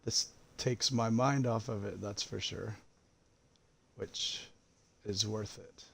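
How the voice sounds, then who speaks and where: Congested low-voiced man musing quietly. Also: fairly even intonation, slow pace, vocal fry, slightly rough. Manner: quiet, musing half to himself. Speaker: game streamer. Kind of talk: casual livestream commentary while building.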